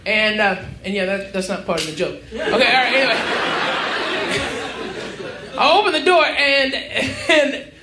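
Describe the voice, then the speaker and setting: A man's voice: extremely high pitch, measured pace, long pauses, heavy background noise. Brash male stand-up comic from Texas, profane and crowd-baiting, echoey club with an audience roaring. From Houston, Texas. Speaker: stand-up comedian. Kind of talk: stand-up comedy set. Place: comedy club stage.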